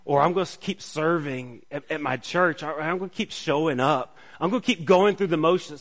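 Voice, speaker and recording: A man's voice: a little high, fairly quick, few pauses. A man preaching a sermon in a conversational way, often asking "right?" and restarting phrases. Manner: casual, checks in with listeners by asking "right?"; restarts phrases, shifts from soft to emphatic.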